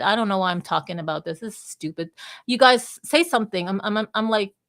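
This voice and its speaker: A woman's voice: mid-range voice, expressive, fast, a bit bright. A woman hosting a casual live chat, talking candidly and rambling, with frequent restarts. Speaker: host of a live audio space.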